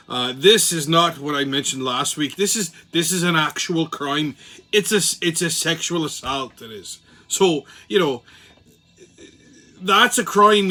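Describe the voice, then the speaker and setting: A man with a Brooklyn accent hosts a casual vlog, brash and joking, and he swears freely. His voice sits a bit high and sounds bright and forceful. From New York. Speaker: channel host.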